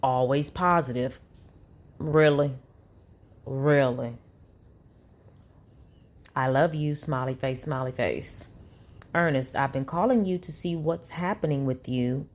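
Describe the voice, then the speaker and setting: Woman, low voice, reads texts aloud, sassy commentary. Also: normal speed. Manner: sassy, incredulous asides. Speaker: commentary vlogger. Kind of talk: reading text messages aloud with commentary.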